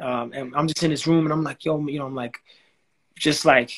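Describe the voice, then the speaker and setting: A young man, a guest telling a personal story in a casual, animated way, acting out quoted dialogue with slang and restarts. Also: fairly high pitch, brisk. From New York.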